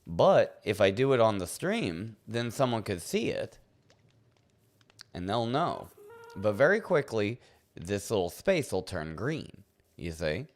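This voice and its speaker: Speaking slowly in a lowish, very animated voice, a man streams a game and talks loosely with his audience. His banter is playful and meandering, full of chuckles and remarks aimed at his chat.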